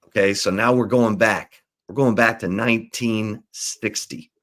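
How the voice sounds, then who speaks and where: A man, a sports insider, casually telling the history of a college football rivalry in an unhurried storytelling way. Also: fairly low pitch, steady tone, a bit bright.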